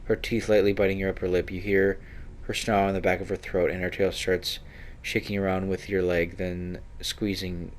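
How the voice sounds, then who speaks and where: A man narrating a video game playthrough, reading its text aloud in a steady, descriptive manner. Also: low-pitched, moderate pace, hardly any pauses, slight background noise. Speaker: let's play narrator.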